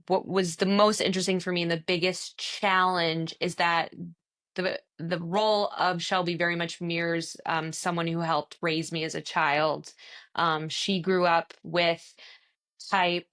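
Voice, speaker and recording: Actress guest, low-pitched, chatty, quick to laugh, mimics voices in her stories. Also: fairly even intonation, fairly bright tone. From American Midwest. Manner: chatty, laughs often, acts out quoted voices. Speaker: stage actor, interview guest. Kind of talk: casual interview chat.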